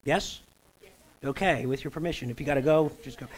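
A man's voice: a little high, brisk, low-quality recording. A man pastor preaching a sermon in a church over a stage microphone, in a jokey, conversational manner that keeps checking in with the congregation. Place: church sanctuary.

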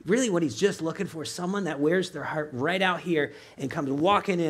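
A man's voice: a little high, normal speed. A man preaching a sermon in a loose, conversational way, full of asides and rhetorical questions to his congregation. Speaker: pastor.

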